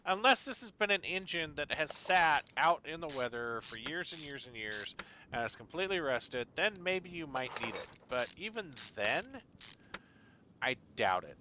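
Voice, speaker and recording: A middle-aged man talks viewers through an engine rebuild in casual gameplay commentary. He explains in a knowing, unhurried way, and his pitch moves up and down a lot. A steady noise sits under his home stream mic.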